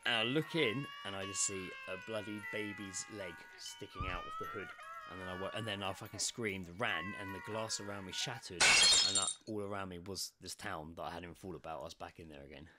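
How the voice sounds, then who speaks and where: A young man co-hosting a podcast, telling stories in a casual, animated way and swearing freely. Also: a little fast, loud music behind the voice. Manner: animated storyteller, swears freely, lively pitch swings. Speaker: podcast co-host. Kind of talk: casual chat.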